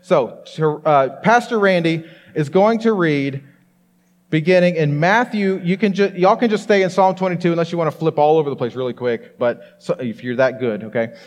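Male pastor, fairly high voice, lively emphatic sermon delivery, big reverberant church hall. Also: moderate pace, a little hiss or hum. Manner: animated, emphatic preaching to a congregation.

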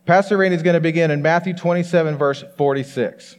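Animated preacher in a reverberant hall. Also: male voice, on the high side, fast, slight background noise. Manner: animated, emphatic preaching to a congregation. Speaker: pastor. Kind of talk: sermon. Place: church hall with congregation.

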